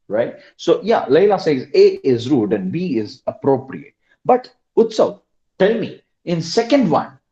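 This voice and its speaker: A man teaching an online class, quizzing his students by name in a lively way. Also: a little high. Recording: roomy, dull lo-fi online call audio.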